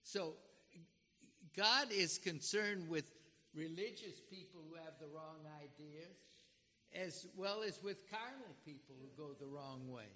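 A man's voice: on the high side, a little slow, sharp tone. A man giving an earnest, dramatic sermon and acting out the scripture he quotes. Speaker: preacher. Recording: reverberant hall.

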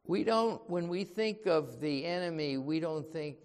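Man, preacher, sermon, high voice, emphatic, rhetorical questions, echoey hall. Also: expressive, slow pace, a little mellow. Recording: reverberant hall.

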